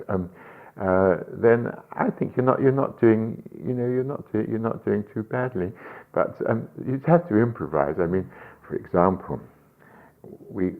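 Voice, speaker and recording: A man's voice: low-pitched, narrow, tinny audio. An older man, a rabbi, being interviewed on the radio, telling anecdotes with chuckles and hesitant ums. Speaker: rabbi and guest.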